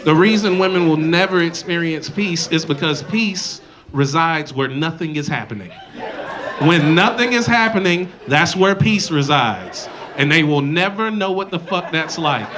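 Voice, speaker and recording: A male comedian performing a loud, animated stand-up set on a club stage, slipping into mocking voices, with the audience laughing. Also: fairly high pitch, unhurried. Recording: live club recording, crowd laughter. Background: crowd laughter.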